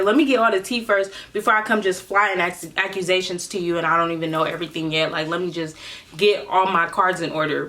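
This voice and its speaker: Young woman, casual storytime, slangy, animated, acts out quotes. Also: medium pitch. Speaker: vlogger telling a story.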